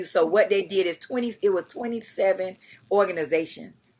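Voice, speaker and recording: A middle-aged woman, a charity founder, telling lively stories in a podcast interview, acting out what others said and laughing often. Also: medium pitch, moderate pace. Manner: animated storyteller, acts out quotes, laughs often. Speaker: guest, community charity founder.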